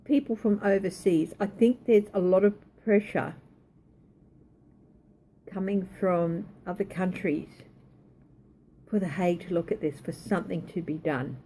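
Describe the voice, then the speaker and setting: A woman's voice: lowish voice, unhurried, pauses often, mellow, a little hiss or hum. A woman giving a tarot reading, thinking aloud, hesitant and correcting herself as she goes. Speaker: tarot reader.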